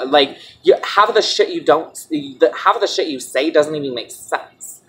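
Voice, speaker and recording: A woman's voice: deep voice, moderate pace, hardly any pauses, a bit bright, slight background noise. Blunt, profane young woman ranting. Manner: blunt, defiant and profane, with mocking quoted voices. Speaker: vlogger. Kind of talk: candid ranting vlog.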